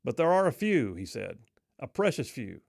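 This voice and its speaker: A proud Texan race car builder, as a radio host puts him on talks in a folksy, plainspoken way, sitting a little higher than the host's usual voice. The sound is dry and close, with no room echo. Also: male voice, very animated, moderate pace, gravelly, darkish tone. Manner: folksy, plainspoken speech-giving.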